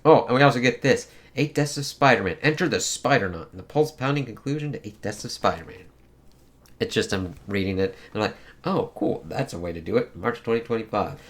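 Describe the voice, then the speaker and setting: A man talking through a comic book review in a loose, rambling way, swearing freely and leaning on filler phrases. His pitch is lively, moving up and down a lot as he talks. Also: brisk. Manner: profane, rambling, with many "it's like" fillers. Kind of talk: casual review commentary.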